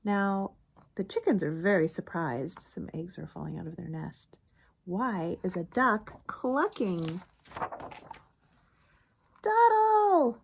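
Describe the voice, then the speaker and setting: A woman reading a picture book aloud for children, pausing to comment on the pictures and ask the listener questions. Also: on the low side, creaky, slight background noise. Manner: animated, expressive reading.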